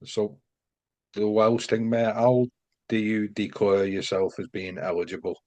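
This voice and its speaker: A man's voice: lowish voice, flat delivery, measured pace, darkish tone. A man hosting a casual interview, chatty and matey, stringing several questions together. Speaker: podcast host.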